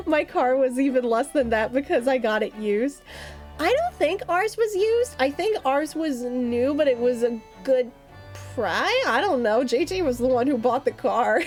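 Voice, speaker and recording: A woman streamer chatting casually with her viewers, rambling and laughing often. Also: sits high. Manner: chatty, giggly, rambling with fillers. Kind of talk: casual live-stream chat. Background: faint lofi music.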